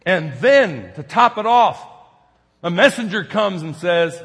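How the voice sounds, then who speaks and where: A middle-aged male pastor delivers a sermon with a somewhat high-pitched voice. He tells stories and moves between hushed, quiet lines and loud, emphatic peaks. The long reverb of a large sanctuary trails behind his words. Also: expressive, takes it slowly. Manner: storytelling preacher, swings from soft to loud emphasis.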